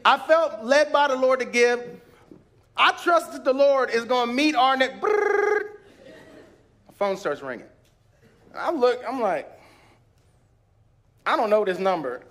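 A male pastor preaching at a church retreat, telling personal stories with acted-out voices and bursts of shouted praise. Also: extremely high pitch, expressive, slow, long pauses.

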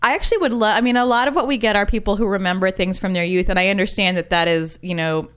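Brief: female co-host, smooth clear voice, wry chatty banter, easy laughter. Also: mid-range voice, fast talker, a bit bright. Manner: wry, chatty, self-deprecating. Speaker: podcast co-host. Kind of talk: casual chat.

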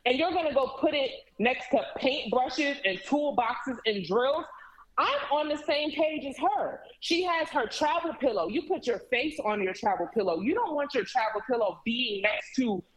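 Animated, higher-voiced woman telling a story. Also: moderate pace, reverberant, poor audio. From Caribbean family background. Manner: animated, emphatic retelling with acted-out quotes. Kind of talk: casual storytelling chat.

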